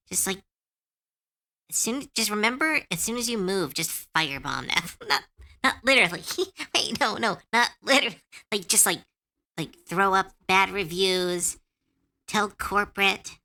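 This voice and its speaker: A woman's voice: medium pitch, lively intonation, unhurried, sharp tone. A woman streamer chatting casually with her viewers, earnest and comforting, with lots of fillers and easy laughter. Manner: laughs easily when unsure.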